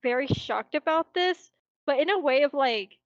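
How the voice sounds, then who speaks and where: A woman's voice: high-pitched, lively intonation, moderate pace, no room sound, dull audio. Chatty woman playing a tabletop game. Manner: chatty, with frequent "like". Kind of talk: casual game narration.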